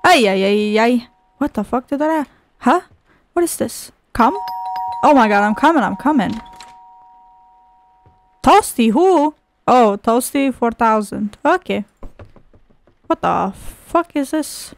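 A woman's voice: high-pitched, lively intonation, slow pace, gravelly, pauses often. A woman streaming a horror game, swearing and mock-scolding, with a sing-song manner when she reads a storybook aloud. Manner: foul-mouthed, mock-angry, sarcastic. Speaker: gameplay streamer. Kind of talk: profane gameplay commentary.

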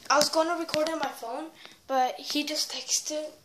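High-voiced rambling teen girl vlogger. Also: fairly even intonation, moderate pace. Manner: rambling, with many restarts. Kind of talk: casual prank vlog. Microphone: phone or tablet held in hand. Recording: echoey room with background noise.

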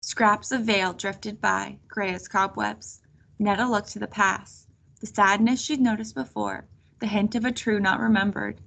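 A woman reading a children's chapter book aloud in a steady storytelling manner. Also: mid-range voice, creaky. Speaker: reader.

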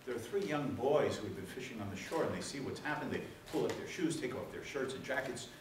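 A man giving a public lecture, telling jokes in an animated storytelling way before the serious talk. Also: mid-range voice, fast. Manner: animated storyteller, voices the joke characters. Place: lecture hall with audience. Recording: echoey hall, distant mic, room noise.

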